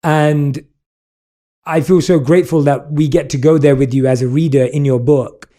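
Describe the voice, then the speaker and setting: A man's voice: fairly high pitch, steady tone, normal speed, mellow. A British man hosting an interview, talking earnestly and with lots of praise. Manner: earnest, effusive, reads aloud from a book. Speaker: podcast host. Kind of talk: casual interview chat.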